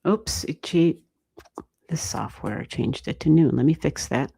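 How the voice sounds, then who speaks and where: An American woman giving astrology readings on a livestream, thinking aloud and chatting with viewers in a relaxed way, with the odd swear word. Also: sits low, measured pace, gravelly, breathy edge. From United States. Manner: thinks aloud, talks to chat, mild swearing. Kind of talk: casual livestream chat.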